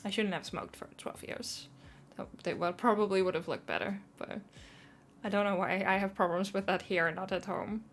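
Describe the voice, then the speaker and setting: A woman's voice: medium pitch, normal speed, slight background noise. A woman streaming live, chatting casually and self-consciously while reading chat.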